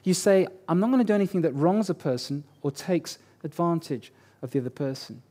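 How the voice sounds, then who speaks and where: A man's voice: a little high, animated, brisk, warm tone. A man preaching a sermon as pastor, conversational and joking, repeating key words for emphasis.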